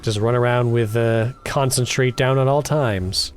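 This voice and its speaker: A man's voice: medium pitch, fairly even intonation, unhurried. A man streaming a horror game, reading its dialogue aloud and dropping jokey asides. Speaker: VTuber streamer. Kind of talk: horror game let's play with casual commentary.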